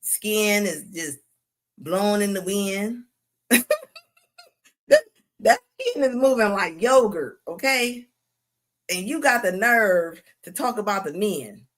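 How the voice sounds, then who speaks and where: Laughing, mocking woman host with lively pitch. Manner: laughing mocking banter, drawn-out asides. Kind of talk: livestream reaction commentary.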